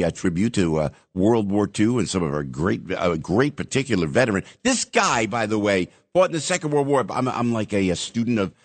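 A middle-aged man hosting a casual call-in radio show, joking with callers and loose with fillers. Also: low voice. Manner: teasing, loose, filler-heavy. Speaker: radio host.

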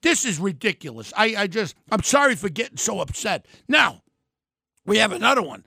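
High, gravelly older New man ranting. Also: big pitch swings, moderate pace, no echo. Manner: loud, heated, ranting and combative. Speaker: podcast host. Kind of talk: political rant.

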